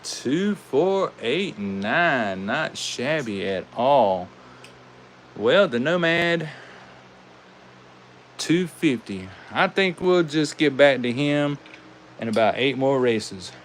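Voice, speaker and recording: Slow-talking Southern man calling toy races. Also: medium pitch, animated, a little hiss or hum. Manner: folksy, drawn-out, says "y'all". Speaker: host racing toy cars. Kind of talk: casual live race commentary.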